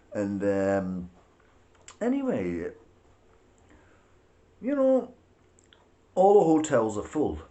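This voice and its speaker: A man's voice: fairly low pitch, darkish tone. A man delivering a profane, sarcastic rant to camera, laughing between his remarks. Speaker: political vlogger. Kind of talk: ranting monologue.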